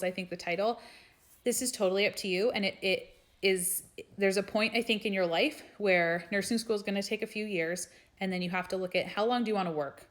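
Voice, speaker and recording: A young adult woman, a nurse practitioner, reading out viewers' questions in a live stream and answering them in a frank, chatty way. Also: medium pitch. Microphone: phone or webcam for a live stream.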